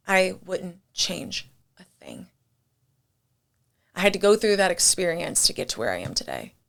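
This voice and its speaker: Chatty woman hosting a solo podcast. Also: on the low side. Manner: candid, chatty and reflective, with some swearing. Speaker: podcast host. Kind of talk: casual solo podcast monologue.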